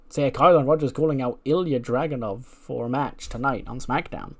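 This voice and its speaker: A man's voice: mid-range voice, quick pace, few pauses, darkish tone. A man casually narrating a wrestling management game, rambling with lots of fillers. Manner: rambling, lots of "like" and "you know". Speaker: let's play narrator.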